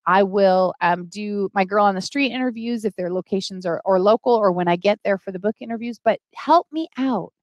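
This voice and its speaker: A woman's voice: medium pitch, a little fast, hardly any pauses, no echo, highs cut off. A middle-aged woman hosting a live stream, earnestly pleading with viewers for help and greeting them by name as she talks.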